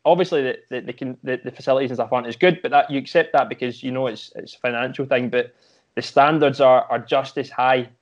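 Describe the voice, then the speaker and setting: A young man with a Scottish accent talks through his football days in a relaxed interview. His speech is halting, full of repeated words and fresh starts. The audio sounds slightly muffled, like a remote recording. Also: medium pitch. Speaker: former footballer, podcast guest. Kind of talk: casual interview chat.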